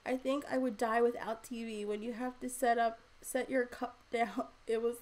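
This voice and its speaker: In this casual home livestream, a young woman at a desk microphone chats through viewer comments, full of fillers and laughs. Her voice is on the high side with a flat delivery and moderate pace, against heavy background noise.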